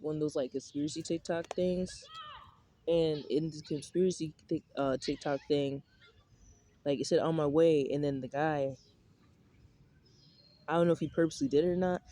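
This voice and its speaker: A man's voice: a little high, dark tone. Rambling, cursing young man outdoors. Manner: rambling, profane slang-heavy talk with many fillers. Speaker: vlogger. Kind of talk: casual rambling vlog. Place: outdoors in a park.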